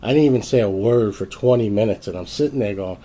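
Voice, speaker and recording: A man's voice: lowish voice, fast, mellow. A man hosting his own video channel, telling a story in a casual, exasperated rant full of restarts. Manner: exasperated, ranting, lots of restarts. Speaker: YouTube host.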